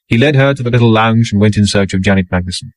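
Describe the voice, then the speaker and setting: Man, audiobook narration, measured, lowish voice, dry recording. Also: no room sound, rough recording. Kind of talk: scripted narration.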